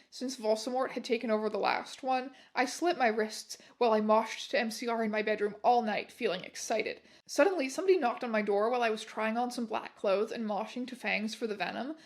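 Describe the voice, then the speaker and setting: A woman giving a comedic dramatic reading of fan fiction aloud, with over-the-top delivery and bursts of shouting and laughter. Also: fairly high pitch.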